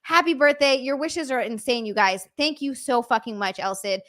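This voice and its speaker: A young woman streamer, excitable and gushing, swearing as she reads out viewer messages and thanks them on a live stream. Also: high voice, normal speed. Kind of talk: live stream, reading out super chats.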